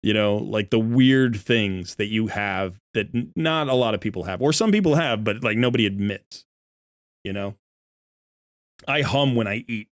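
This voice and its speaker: Speaking at a moderate pace in a fairly low voice, this middle-aged streamer broadcasts casually from his home desk through a desk microphone. The recording is dry and clean, studio-like, and he meanders along, laughing often at his own expense.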